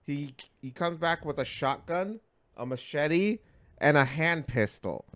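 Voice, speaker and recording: A man co-hosting a podcast, telling a story in casual, profane, animated talk that swings between loud and mumbled. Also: on the high side, a little slow, no echo. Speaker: podcast co-host.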